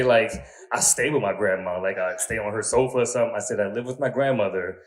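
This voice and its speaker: A man in his thirties working a stand-up crowd. He talks in an easy, conversational way, leans into crude punchlines, and keeps tossing short asides to the audience. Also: lowish voice. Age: 30s. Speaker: stand-up comedian. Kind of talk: stand-up comedy set.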